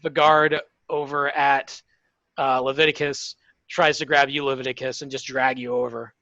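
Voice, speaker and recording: A man narrating a tabletop game as game master, in a halting way with many fillers. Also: medium pitch, little pitch movement, sharp tone, dry recording, lo-fi sound.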